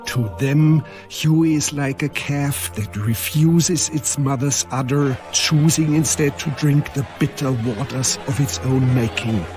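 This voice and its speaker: A man playing a deadpan documentary reporter who narrates and interviews in an animated comedy. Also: medium pitch, slow, hardly any pauses, faint music behind, close to an everyday voice. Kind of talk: mock documentary narration in a cartoon.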